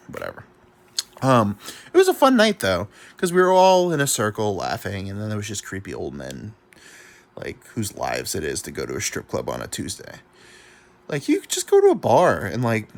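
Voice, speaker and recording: A young man hosting a podcast, telling rambling, self-mocking stories in casual chat, full of swearing and mumbled asides. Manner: swoops in pitch, drops to mumbles. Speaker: podcast host. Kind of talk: casual comedic storytelling.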